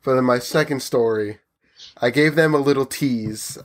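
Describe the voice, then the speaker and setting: A man's voice: mid-range voice, moderate pace. A man telling a story in casual chat, acting out the people he talks about. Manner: animated, acts out the people in his story.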